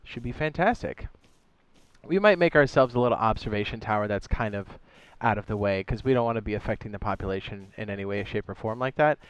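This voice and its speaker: A man's voice: fairly low pitch, expressive, fast, smooth, no room sound, highs cut off. A man hosting his own game live stream, chatting casually, reading viewers' messages aloud and often correcting himself. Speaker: streamer and server host.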